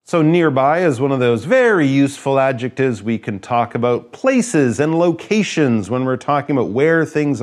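A man co-hosting an English lesson show, explaining vocabulary in a playful, teacherly way. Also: mid-range voice.

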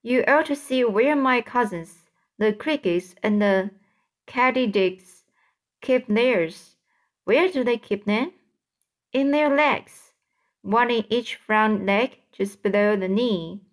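A woman's voice: a little high, slow pace. A woman reading a storybook aloud and voicing a kindly, proud old male grasshopper who lectures fussily and trips over words. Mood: gentle. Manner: fussy, lecturing, stumbles on words.

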